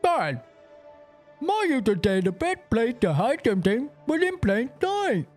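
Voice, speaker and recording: A man's voice: very high voice, sing-song, darkish tone, faint music behind, pitched above the performer's own voice, exaggerated voice. A man voicing a simple, dim-witted male henchman who talks in a clumsy, childlike way. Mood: dopey. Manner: slow, clumsy, childlike speech.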